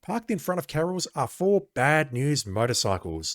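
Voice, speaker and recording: A man's voice: mid-range voice, sing-song, moderate pace, dry recording, clean studio sound. A man casually playing an old adventure game, reading its text aloud and making wry, sarcastic asides. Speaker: let's play gamer.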